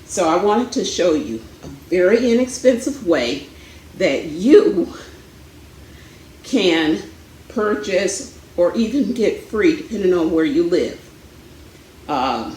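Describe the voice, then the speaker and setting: A woman talks to her viewers from her home, a little out of breath, rambling with plenty of ums and uhs. Her voice sits slightly low. The room is echoey, with a faint hum behind her. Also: a little mellow. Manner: chatty, rambling, many fillers. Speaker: vlogger. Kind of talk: casual chat. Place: home, indoors.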